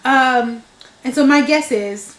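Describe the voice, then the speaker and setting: A woman's voice: high-pitched, takes it slowly, reverberant. Woman telling a rambling family story. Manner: meandering, self-interrupting, amused. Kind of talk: casual storytelling.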